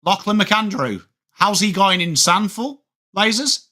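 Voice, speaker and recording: A man's voice: high-pitched, lively intonation, measured pace, pushed and bright. A man in his thirties with a Yorkshire accent, hosting a live sports watchalong and chatting with viewers as he answers their comments. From England. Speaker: livestream host.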